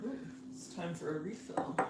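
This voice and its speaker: A woman's voice: lowish voice, expressive, moderate pace, reverberant, background noise. A woman chiming in during a casual home cooking stream with short, teasing quips. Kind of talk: casual chat.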